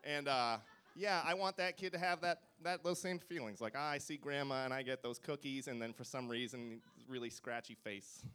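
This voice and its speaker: A man's voice: medium pitch, moderate pace, sharp tone, slight background noise. Wry rambling male comedian. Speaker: comedian contestant. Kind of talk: stand-up riffing.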